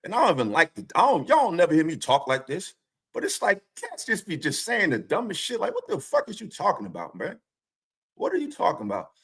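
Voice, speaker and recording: A man's voice: high-pitched, huge pitch swings, brisk, vocal fry, a bit bright, breathy edge. A man hosting his own stream, delivering a profane, confrontational rant full of taunting rhetorical questions. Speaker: streamer host.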